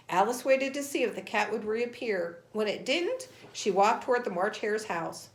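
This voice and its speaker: Woman reading a storybook aloud, animated. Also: mid-range voice, moderate pace, hardly any pauses, slight background noise. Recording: roomy echo.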